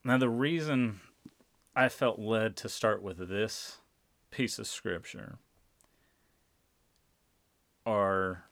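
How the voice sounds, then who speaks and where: Preaching at an unhurried pace, this man stresses his points through deliberate repetition, his slightly low voice steady, gravelly, and fairly bright. The recording is dry and close, without any room ambience.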